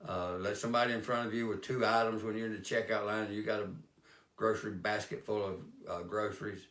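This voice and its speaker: A man's voice: on the low side, steady tone, fast talker, a bit bright. A man telling homespun stories about kindness in a plain-spoken, rambling way. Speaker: life-lessons speaker. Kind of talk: folksy storytelling monologue. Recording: roomy echo.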